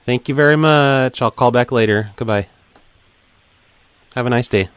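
Deadpan man making a prank call. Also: mid-range voice, normal speed, smooth, no room sound. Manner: deadpan, innocent-sounding, needling. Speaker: prank caller.

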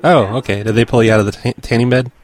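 A man with a mid-range voice and fairly even intonation talks fast. He's a prank caller who addresses his listeners between calls and poses as someone from a corporate office, using a dry, mock-official tone in this prank call commentary.

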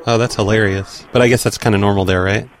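A man's voice: lowish voice, steady tone, quick pace, soft background music. A man making prank calls, talking to his listeners in between and posing as someone from a corporate office in a dry, mock-official tone. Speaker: prank caller. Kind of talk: prank call commentary.

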